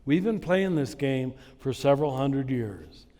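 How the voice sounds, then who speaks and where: A man giving a spiritual conference talk to a live audience. He tells stories at an unhurried pace and chuckles at his own anecdotes. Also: mid-range voice, expressive, mellow, in a large hall. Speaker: conference speaker. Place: large hall with a live audience.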